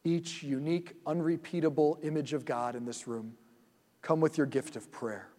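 A man leading a guided prayer meditation in a church hall, speaking gently and soothingly and often dropping to a hush. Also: a little high, fairly even intonation, moderate pace.

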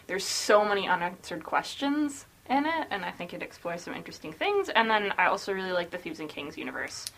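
A woman's voice: lowish voice, very animated, a little fast, fairly bright tone. A woman co-hosting a casual book podcast, bubbly and giggly, full of fillers. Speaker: podcast co-host.

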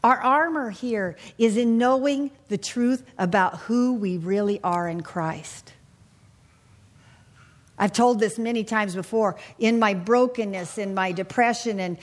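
A woman's voice: a little high, animated, normal speed. A middle-aged woman teaching the Bible to a small group in an earnest, confiding way, often asking her listeners questions.

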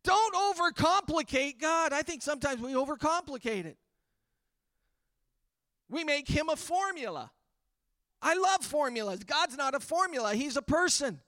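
High, bright-voiced fervent man preaching. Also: animated, moderate pace, pauses often, no room sound, studio quality. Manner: earnest, building fervor with repeated refrains. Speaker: pastor. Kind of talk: sermon. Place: church livestream during pandemic.

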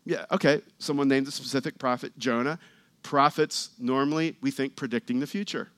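A man preaching a sermon in a church, talking conversationally and getting louder and more animated as he reads scripture. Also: mid-range voice, brisk, no room sound. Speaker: pastor.

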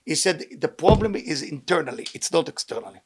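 A man's voice: on the high side, lively intonation, a little fast, noisy background. A man preaching a weekly sermon to a live audience, emphatic and repetitive, with humorous asides. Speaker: preacher giving a weekly talk.

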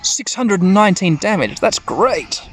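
A man's voice: sits high, very animated, moderate pace, over loud music. A man narrating a video game playthrough, reading the dialogue aloud and adding rambling asides. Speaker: let's-play narrator.

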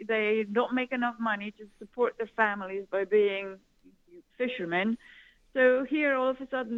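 Italian-born woman, filler-heavy, phone line. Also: on the high side. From Italy. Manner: rambling, many "you know" fillers. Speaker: guest, government advisor. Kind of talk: conversational interview.

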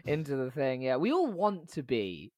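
A man co-hosting a comedy podcast, quick with quips and laughing often. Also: medium pitch, wildly swooping pitch, a little mellow, no room sound, studio quality. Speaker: podcast co-host.

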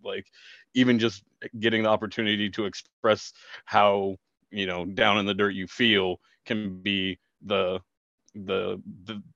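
A man co-hosting a podcast in casual chat, speaking in a thoughtful, halting way with many fillers, over muffled call audio. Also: lowish voice, level tone, creaky, a bit bright, no room sound. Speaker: podcast co-host.

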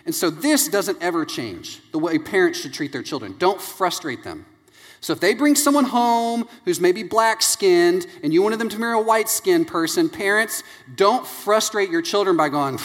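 A man in his thirties preaching a sermon, telling family stories and acting out their voices with lively energy. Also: sits high, moderate pace. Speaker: pastor. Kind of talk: sermon with anecdotes. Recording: long hall reverb.

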